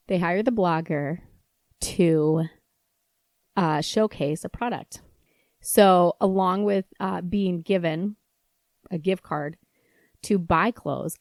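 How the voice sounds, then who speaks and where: A woman in her thirties telling a story about her kids in a casual, animated way, laughing and acting out her own side of conversations. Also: fairly low pitch, dry recording, clean studio sound. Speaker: podcast host and mom blogger.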